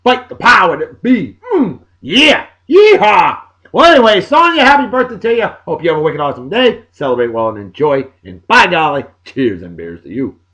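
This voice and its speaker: A middle-aged man, hosting a casual podcast and giving exuberant, folksy birthday shout-outs. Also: a little high, sing-song, a little fast, few pauses. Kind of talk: casual chat.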